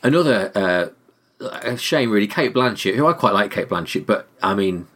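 A man's voice: fairly low pitch, animated, normal speed, fairly bright tone. A man hosting a casual film podcast, rambling and hesitant, often ending points with tag questions. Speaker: podcast host. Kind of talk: casual chat.

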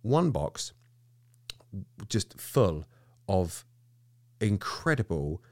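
A man telling a story in casual chat, animated, swearing freely and stammering when excited. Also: low voice, very slow, no echo, clean studio sound.

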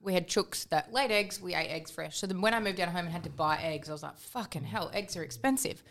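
A woman's voice: lowish voice, fast talker, creaky, fairly bright tone. An Australian woman co-hosting a podcast, asking teasing questions in casual chat. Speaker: podcast co-host.

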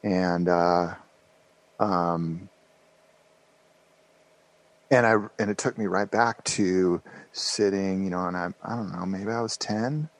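A man's voice: low voice, fairly even intonation, slow, long pauses, no room sound, rough recording. A man in his fifties, a podcast guest, telling a rambling story with lots of fillers and restarts. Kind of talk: casual storytelling interview.

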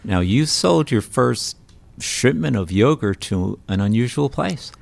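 A man hosting an interview, conversational and quick with asides as he guides the guest. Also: mid-range voice, lively intonation, vocal fry. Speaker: interview host.

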